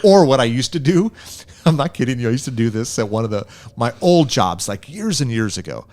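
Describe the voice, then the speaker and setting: Male podcast co-host, mid-range voice, lively casual chat, swears freely. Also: medium pitch, a little fast. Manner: animated, swears freely, laughs often. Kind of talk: casual film review chat.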